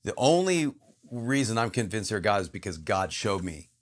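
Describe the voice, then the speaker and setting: A man's voice: fairly low pitch, very animated, normal speed. Earnest man telling a personal story. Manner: earnest, emphatic, acts out quotes in his story. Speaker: guest, actor. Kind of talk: casual storytelling in conversation.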